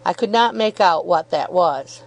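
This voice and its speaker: A woman narrating a classic novel as an audiobook, in a measured, clear reading. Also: lowish voice, animated, rough recording. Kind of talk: scripted narration.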